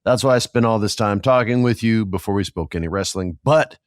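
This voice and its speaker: A man's voice: lowish voice, fairly quick, no room sound, clean studio sound. A man hosting a podcast, telling stories casually and acting out the people he quotes. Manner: animated storyteller, acts out quoted voices. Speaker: podcast host. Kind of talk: casual storytelling chat.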